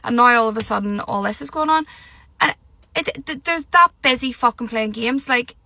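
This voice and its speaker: A young woman vents in a heated, sweary rant. Her voice is bright and forceful. The recording is dry and close, with no room sound. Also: a little high, normal speed, no room sound. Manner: heated, sweary, exasperated ranting. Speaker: reality TV commentator. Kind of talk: ranting vlog.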